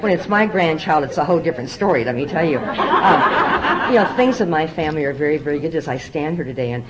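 A woman's voice: low-pitched, sing-song, fast talker, a loud crowd, very noisy. An older woman sharing her story at a recovery meeting, confiding and acting out the dialogue of the people in it. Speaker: AA speaker.

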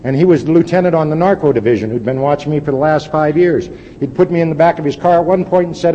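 A man in his fifties tells his own story at a recovery meeting in a folksy, earnest way, sometimes sinking to a quiet, intense hush. His voice is mellow and dark. The recording is muffled and lo-fi, with a long hall echo and faint hiss behind it. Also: a little high, fast, hardly any pauses. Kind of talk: personal testimony talk.

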